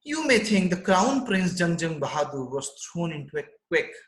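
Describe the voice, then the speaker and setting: A man teaching, reading a story line by line and explaining it in simple English, with an animated delivery. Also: a little high, moderate pace, echoey room, poor audio. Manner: animated, reads text aloud then explains in simple English. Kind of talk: line-by-line literature lesson.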